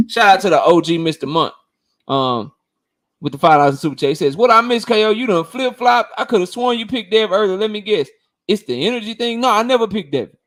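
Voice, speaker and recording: High-voiced man hosting a casual live stream. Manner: loose, slangy, shouts out viewers by name.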